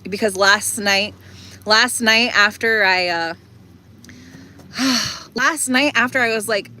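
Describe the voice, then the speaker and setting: Slow-talking bright-voiced woman telling a story. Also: fairly high pitch. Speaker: vlogger. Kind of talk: casual rambling storytelling.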